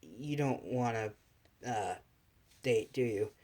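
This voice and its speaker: A man voicing a nervous teenage girl hero in a spoken fan story, halting and hesitant. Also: mid-range voice, mellow.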